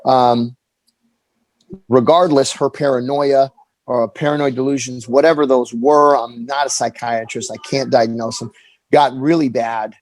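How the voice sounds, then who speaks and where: A man in his forties telling a candid personal story as an interview guest, earnest and halting, often restarting his sentences. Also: medium pitch, fairly even intonation, no room sound, low-quality recording.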